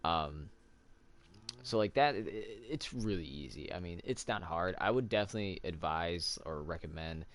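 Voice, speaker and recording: A man's voice: low-pitched, expressive, moderate pace, a bit bright. A man casually chatting while playing a game, rambling with lots of fillers and little laughs. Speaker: let's play host. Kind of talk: casual gameplay commentary.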